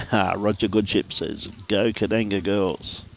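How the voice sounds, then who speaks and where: Chatty Australian bowls commentator, low voice. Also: male voice, fairly even intonation, slow, gravelly. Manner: chatty, laughs often, greets viewers by name. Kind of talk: live sports commentary and casual chat. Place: outdoor bowls green.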